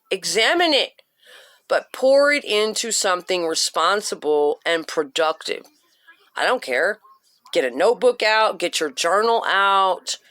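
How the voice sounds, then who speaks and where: A woman with a mid-pitched voice speaks straight to her viewers in a forceful motivational rant. She hammers points home with short repeated commands and casual swearing. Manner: blunt and profane, punchy repetition. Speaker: vlogger giving self-help advice.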